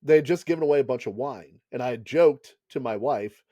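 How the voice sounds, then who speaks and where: A man's voice: mid-range voice, fairly quick, dark tone, no room sound. A man co-hosting a podcast in casual chat, rambling and laughing often. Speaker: podcast co-host.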